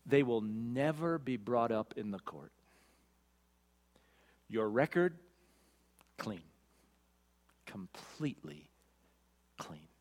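A pastor preaching an expository sermon, swinging from loud emphatic peaks to quiet, drawn-out phrases. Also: male voice, mid-range voice, lively intonation. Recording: long reverb of a large hall.

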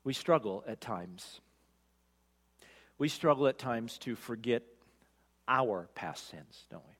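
A man's voice: mid-range voice, animated, slow pace, breathy edge. Man preaching in an echoing hall. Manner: emphatic, rising to loud peaks then dropping quiet. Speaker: pastor. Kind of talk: expository sermon. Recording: long reverb of a large hall.

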